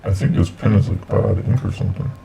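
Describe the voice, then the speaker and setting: A man talking through a voice effect that lowers his voice, rambling while he tests how it sounds. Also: quick pace, creaky, warm tone, muffled recording, soft background music. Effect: pitch-lowering voice effect. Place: home streaming setup.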